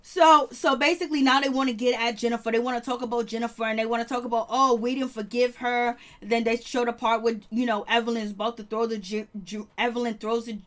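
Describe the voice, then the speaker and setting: A woman casually recapping a TV show, animated and quick to laugh, acting out what others said. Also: fairly high pitch. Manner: animated, laughs often, acts out quotes. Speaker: TV show reviewer.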